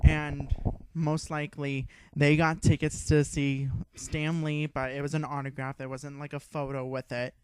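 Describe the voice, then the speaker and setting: An excitable young man with a fairly high voice, co-hosting a casual podcast. He tells his story with a lot of swearing and animated energy. The sound is dry and close, with no room echo. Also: measured pace, clean tone. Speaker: podcast co-host. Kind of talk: casual chat.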